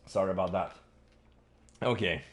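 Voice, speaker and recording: A man's voice: deep voice, normal speed. A man streaming a game, chatting casually and laughing at himself between reading lines.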